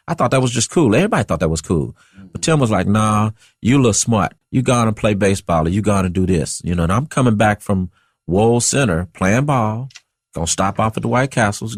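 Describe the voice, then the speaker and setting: Deep-voiced man telling stories. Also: husky, no room sound, studio quality. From St. Louis, USA. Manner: reminiscing storyteller, measured. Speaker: discussion panelist. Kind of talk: casual group discussion.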